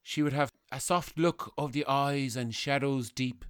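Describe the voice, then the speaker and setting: A lovesick poet with a soft Sligo Irish lilt, put on by a man, reciting his longing in dreamy, poetic lines. The voice is smooth and resonant, recorded close and dry. It is played for laughs in a comedy sketch. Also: mid-range voice, fairly even intonation, unhurried, no room sound, lightly acted. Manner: wistful, speaks in poetic lines. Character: lovesick older male poet, dreamy, single-minded.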